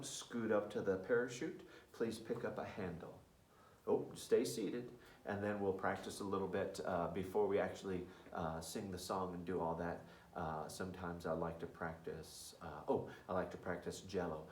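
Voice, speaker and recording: A low-voiced man walks through a classroom parachute activity in a halting way, full of fillers, now and then calling out or singing cues loudly. He sounds set back from the mic in an echoey room with faint background noise. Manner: demonstrating with sudden loud sung and called-out cues. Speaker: music teacher. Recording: roomy echo from a distance.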